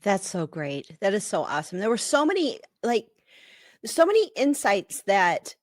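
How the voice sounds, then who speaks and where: Woman hosting a podcast, mid pitch, dry close mic, lots of "like", earnest. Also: sing-song, normal speed, no room sound. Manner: earnest, thinks aloud with many "like"s. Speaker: podcast host. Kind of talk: casual interview chat.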